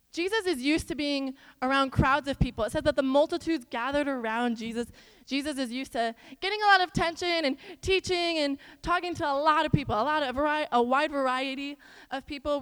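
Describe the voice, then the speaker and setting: A young woman from Iowa giving a chatty church lesson in an animated way, with stories and asides to the listeners. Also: high voice. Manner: animated, talks straight to the audience with asides. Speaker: church speaker. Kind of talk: chatty sermon with storytelling. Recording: long hall reverb.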